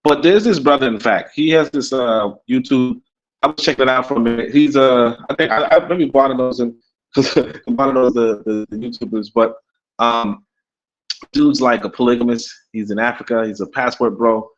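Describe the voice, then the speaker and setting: A man with a mid-range voice speaks at normal speed, with the highs cut off in the recording. Born in the Caribbean and now abroad in Africa, he co-hosts a laid-back podcast livestream, rambling, repeating words, and chuckling.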